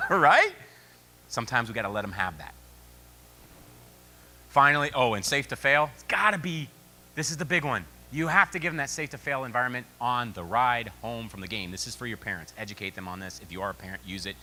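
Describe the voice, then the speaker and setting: A man gives a lively conference talk on youth sport, his voice swinging widely in pitch as he tells animated stories. His tone is bright and forward, with a faint hum underneath. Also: normal speed. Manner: animated storytelling. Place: meeting venue.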